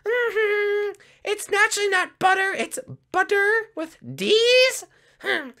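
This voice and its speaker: Squeaky smug butter creature, bossy, lazy drawl, creaky, shrill edge, game roleplay. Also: male voice, expressive, takes it slowly, pushed and bright, exaggerated voice.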